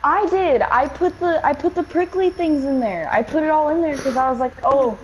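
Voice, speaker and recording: A woman's voice: sits high, a little fast, a little hiss or hum. A young woman casually telling a story, rambling with lots of fillers and swearing. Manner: rambling, swears a lot, many likes and fillers. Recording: dull lo-fi game-capture audio.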